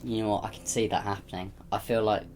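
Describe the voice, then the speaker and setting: A young man co-hosting a podcast late at night, worn out after a long stretch of work. His voice sits a little low as he rambles, teases and laughs. Faint noise hums under the recording. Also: steady tone, fast talker, darkish tone. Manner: teasing, rambling, laughs often. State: tired. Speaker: podcast co-host. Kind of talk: casual chat.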